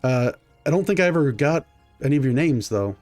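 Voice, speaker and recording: Formal, grateful guard captain, as a male game master puts him on, halting, dry mic. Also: mid-range voice, expressive, darkish tone, no room sound, faint music behind, natural voice.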